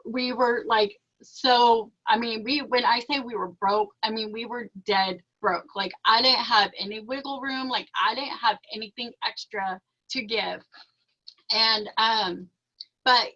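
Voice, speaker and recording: A woman's voice: on the high side, bright, forceful tone. A young woman giving an emotional personal testimony, nervous and shaky, with many fillers and restarts. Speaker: presenter sharing her business story. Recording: dull lo-fi audio.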